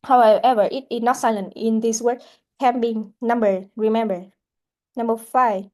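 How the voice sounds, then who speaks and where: Woman English teacher, halting delivery, slightly high voice. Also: steady tone, warm tone. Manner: halting, with frequent restarts. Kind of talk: classroom answer-key walkthrough.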